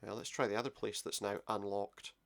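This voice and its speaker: A man's voice: on the low side, level tone, a little fast, gravelly, a bit bright. A man giving casual commentary while playing a game, muttering his thoughts aloud. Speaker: let's play gamer.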